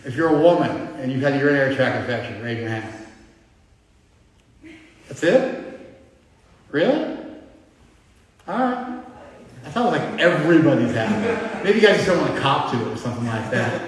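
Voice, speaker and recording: A man's voice: mid-range voice, sing-song, moderate pace, long pauses. Middle-aged guy teaching a spiritual class, blunt and chatty, asks the room questions, mic kinda far off, echoey hall. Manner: blunt, conversational, quizzes the audience. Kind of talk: informal lecture to a class. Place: large hall with a live audience.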